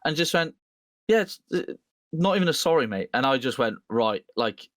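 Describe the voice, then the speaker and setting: A man's voice: a little high, expressive, brisk, a bit bright, no echo, clean studio sound. A young man chatting casually on a podcast, telling stories animatedly, acting out the quotes and swearing a lot. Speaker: podcast co-host. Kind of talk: casual chat.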